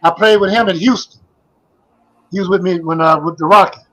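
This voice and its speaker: A man's voice: sits high, brisk, fairly bright tone, low-quality recording. An older man, a former basketball player, telling stories in a casual interview, rambling and repeating himself as he goes. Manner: rambling, repeats phrases, trails off.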